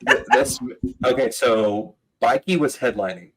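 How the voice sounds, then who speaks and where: An animated man spinning a story in casual podcast chat. He talks at a middling pitch, with quick asides and frequent laughter. He sounds like a comedian recounting a gig. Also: rough recording.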